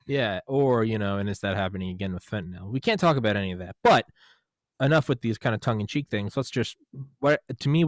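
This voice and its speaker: A man's voice: lowish voice, no echo, studio quality. An American man hosting a podcast, talking casually in a rambling, jokey way with a lot of swearing. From United States. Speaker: podcast host.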